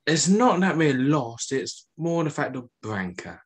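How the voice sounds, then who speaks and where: A man's voice: fairly high pitch, sing-song, a little slow, breathy edge. A man playing a tabletop game, hesitant and thinking aloud as he speaks. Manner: hesitant, full of ums. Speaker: player. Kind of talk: casual chat at a tabletop game.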